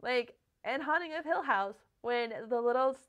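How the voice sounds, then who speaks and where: Smooth-voiced woman podcast co-host. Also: sits high, normal speed, muffled recording. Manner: animated storytelling, swears freely, acts out quoted voices. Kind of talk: casual book discussion.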